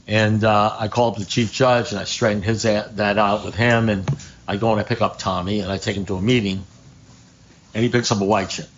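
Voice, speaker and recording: An older man speaking at a recovery meeting, telling a story in an animated way, acting out phone calls, swearing and laughing at his own punchlines. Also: lowish voice, highs cut off. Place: meeting room.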